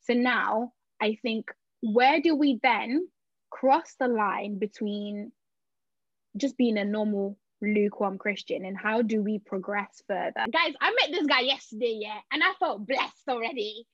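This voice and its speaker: A woman's voice: a little high, unhurried, no room sound. A young adult woman hosting a podcast in casual, chatty talk, laughing often and restarting her sentences. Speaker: podcast host. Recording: dull, dry lo-fi recording.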